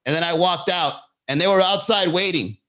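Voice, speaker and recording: A man hosting a comedy podcast, telling a story in a loose monologue and jumping into high voices for the people in it. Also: fairly quick. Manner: animated, jumps into high-pitched impressions of people in his stories.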